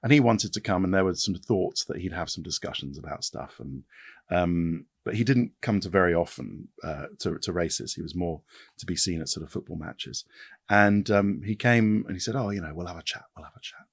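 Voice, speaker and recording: A man in his fifties, a podcast guest, talking in an animated way with quick restarts and repetitions. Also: sits low, breathy edge, no echo. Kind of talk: casual interview chat.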